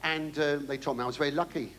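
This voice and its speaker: A man's voice: a little high, fairly even intonation, quick pace, fairly bright tone. A British man performing a rambling, camp stand-up monologue for a navy crew aboard a ship, full of theatrical, cheeky asides. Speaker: comedian entertaining navy crew. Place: aboard a navy ship, before a live audience. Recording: noisy live recording.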